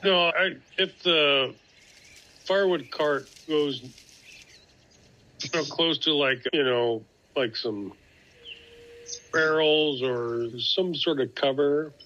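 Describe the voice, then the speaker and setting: A man playing a tabletop game, joking in a slow, halting way. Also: a little high, pushed and bright, highs cut off. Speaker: player.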